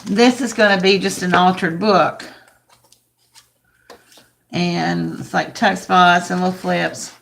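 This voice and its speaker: An older woman with a drawl talks on a craft livestream, her voice worn hoarse and raspy. She rambles in a chatty way and calls out to viewers by name. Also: fairly low pitch, steady tone, slow, pauses often, a bit bright. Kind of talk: casual craft livestream chat.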